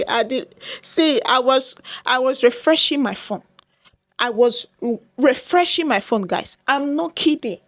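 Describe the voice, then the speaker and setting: Nigerian woman YouTuber, high-pitched, dry close sound, dramatic and exclamatory, repeats lines. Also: animated, measured pace, no room sound. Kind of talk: casual vlog talk to viewers.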